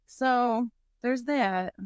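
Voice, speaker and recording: A woman guesting on a podcast in casual chat, relaxed and agreeable. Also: fairly high pitch, extremely slow, clean tone, dry recording, studio quality.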